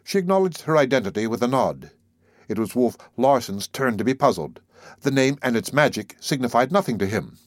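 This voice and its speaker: A man's voice: medium pitch, expressive, brisk, no room sound. Man narrating a classic novel, dry. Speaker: audiobook narrator. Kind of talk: scripted literary narration.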